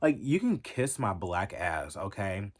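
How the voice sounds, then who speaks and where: A man with a lowish voice delivers a profane, heated reaction rant straight to his viewers. He talks emphatically and angrily as a vlogger. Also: very animated, measured pace. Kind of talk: ranting reaction commentary.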